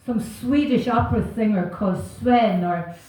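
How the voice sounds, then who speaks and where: An Irish woman works through a stand-up set in a very echoey club, her slightly high voice carrying from a little way off the mic. She is self-deprecating and wry, chuckling through her punchlines. A faint hum of the room sits behind her. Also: normal speed, warm tone, recorded from a distance. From Ireland. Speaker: stand-up comedian. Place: comedy club stage.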